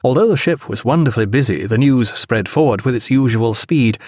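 A man narrating a sea novel as an audiobook, expressive and measured. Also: mid-range voice, no echo, studio quality.

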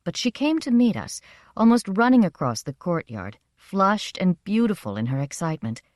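A woman narrating a first-person story in a measured, expressive reading. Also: medium pitch, no room sound, studio quality. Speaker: audiobook narrator.

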